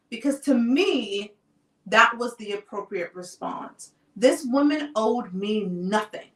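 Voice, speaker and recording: Calm woman host telling a story. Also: medium pitch. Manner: calm, deliberate personal storytelling. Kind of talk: live talk show monologue. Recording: roomy sound, off-mic distance.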